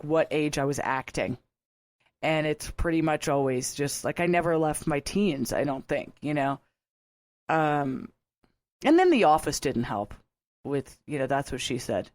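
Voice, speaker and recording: A woman's voice: deep voice, measured pace, darkish tone, no room sound. A woman in her thirties hosting a podcast, telling rambling stories in a chatty way and laughing often. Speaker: podcast host. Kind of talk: casual solo storytelling.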